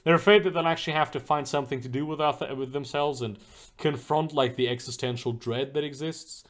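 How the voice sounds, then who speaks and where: A man's voice: on the high side, steady tone, fairly quick. A young man chatting casually on a livestream, answering viewers' questions and rambling with lots of fillers, restarts and swearing. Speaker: streamer answering chat.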